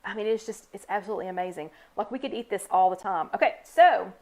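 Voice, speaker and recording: A woman's voice: medium pitch, fast, darkish tone. A woman hosting a live online chat, casually demonstrating a recipe and talking to viewers by name in an upbeat, chatty way. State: hiccups. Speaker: host. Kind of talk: live cooking demo chat.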